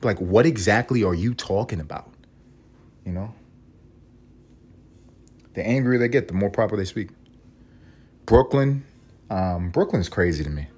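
A man's voice: lowish voice, expressive, measured pace, pauses often, darkish tone, slightly rough. A man hosting a podcast, talking in a rambling, profane, wry comedic monologue. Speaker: podcast host.

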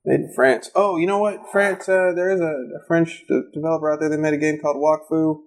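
Rambling young man, slightly high voice. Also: fairly even intonation, fairly quick, rough recording. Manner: rambling, laughs often, many fillers and restarts. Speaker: podcast co-host. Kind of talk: casual podcast banter. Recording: amateur home podcast recording.

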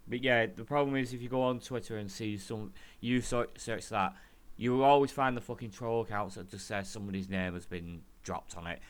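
A man co-hosting a podcast in casual chat, animated, laughing often and swearing freely. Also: lowish voice, a little fast. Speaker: podcast co-host.

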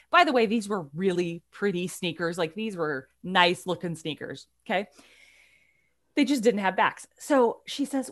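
Lively chatty woman telling a story. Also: a little high, moderate pace. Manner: animated storyteller, chatty, laughs often. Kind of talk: casual chat.

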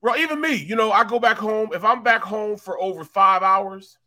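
A man from St. Louis co-hosts a sports talk show in easy, rambling conversation. His voice is bright and sits a little high, and he keeps tagging his sentences with "man". He sounds relaxed and chatty throughout. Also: normal speed. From St. Louis, USA. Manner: laid-back, rambling, tags lines with "man". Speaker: sports radio co-host.

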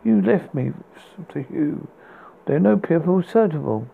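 A man's voice: on the high side, expressive, normal speed, gravelly, breathy edge. A man hosting a podcast, reading poems aloud and often stumbling and restarting words. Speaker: podcast host. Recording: tinny phone-like sound with faint hiss.

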